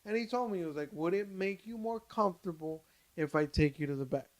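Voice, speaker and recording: A young adult man, a podcast co-host, in loose casual storytelling. His voice sits a touch high for a man, and he keeps swearing, stalling on "uh" and restarting his sentences. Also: brisk. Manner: animated, swears freely, many restarts and fillers.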